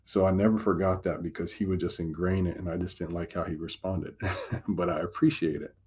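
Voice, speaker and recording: A man's voice: deep voice, fairly even intonation, a little fast, a little mellow, slightly rough. A man giving a devotional teaching talk as a Christian motivational speaker, earnest and encouraging, driving points home with repetition.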